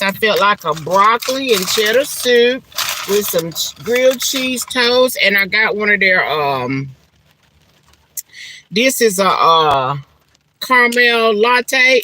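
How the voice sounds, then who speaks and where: A middle-aged woman vlogger with a mid-range voice chats casually with her viewers over lunch in a mukbang-style video. She's animated and laughs a lot, using Southern-style endearments like "honey" and "child" along with church exclamations. There's a little hiss or hum in the audio.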